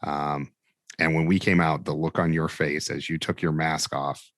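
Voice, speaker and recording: A man with a low, deep voice recounts a training story as a guest instructor on an interview. He tells it casually and acts out each quoted line. The sound is dry and close. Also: normal speed, no room sound. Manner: animated, acts out quoted dialogue.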